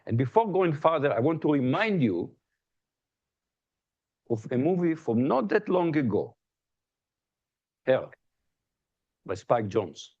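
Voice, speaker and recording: A man's voice: mid-range voice, sing-song, slow pace, pauses often, darkish tone, slightly rough, dull audio. Man giving a conversational lecture. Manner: conversational, tells jokes and anecdotes, frequent restarts. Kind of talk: academic colloquium talk. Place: lecture hall.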